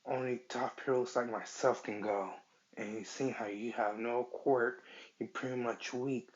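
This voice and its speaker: A man's voice: medium pitch, fairly even intonation, unhurried, natural voice. A man voicing a hot-tempered teenage boy who taunts a classmate with contempt, on a dull lo-fi recording. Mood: taunting. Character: bullying teen boy rival, hot-tempered.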